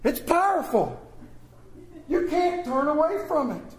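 Male pastor, sermon, high voice, humorous storytelling, reverberant hall. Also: very animated, takes it slowly. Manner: storytelling with humor, call and response.

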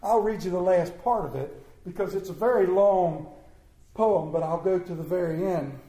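High-voiced man telling playful stories. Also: moderate pace. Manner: animated, playful, with emphatic swings. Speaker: speaker entertaining an audience. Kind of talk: comic storytelling to a live audience. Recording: roomy echo.

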